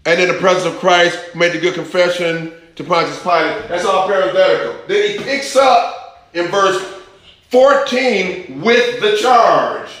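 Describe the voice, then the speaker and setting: A man preaching a sermon, emphatic, rising to high urgent questions and dropping to low intense asides. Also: a little slow, a bit bright, heavy reverb, low-quality recording.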